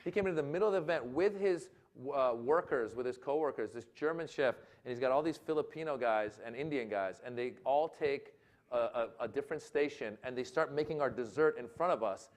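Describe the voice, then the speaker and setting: A male comedian telling a long anecdote at a live talk event, acting out voices and shouting for laughs. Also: mid-range voice, fairly quick. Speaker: comedian guest. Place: lecture event with audience.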